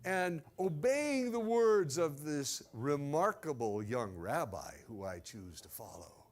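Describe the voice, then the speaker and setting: A man's voice: on the high side, lively intonation, moderate pace, hardly any pauses. A male pastor telling a sermon as a dramatized story, animatedly acting out scenes in the first person.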